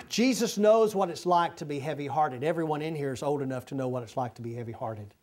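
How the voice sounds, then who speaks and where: A man's voice: a little high, brisk, darkish tone. A middle-aged man, preaching a sermon in a folksy, humorous storytelling way. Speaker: pastor.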